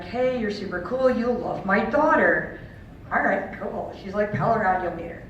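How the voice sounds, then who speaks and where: A woman in her thirties giving a heartfelt personal story to an audience at a charity event, acting out the voices of people she quotes. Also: lowish voice. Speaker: speaker at a charity auction. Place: large event hall. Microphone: handheld camera far from the stage. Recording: distant, dull and very echoey with faint room noise.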